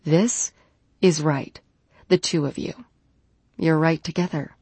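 A woman voicing a tired, kind female friend who speaks gently in an audiobook. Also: deep voice, steady tone, slow, slightly rough, no room sound, exaggerated voice. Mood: gentle. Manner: soft-spoken, gentle.

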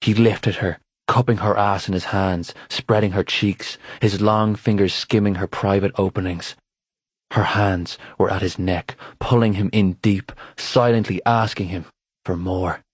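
A man narrating an audiobook in a steady, unhurried reading voice. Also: sits low, husky, dry recording. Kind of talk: scripted narration.

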